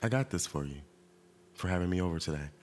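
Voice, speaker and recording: Man doing a troubled young man, deep low voice, slow earnest recitation. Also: animated. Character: troubled young man reading his poem.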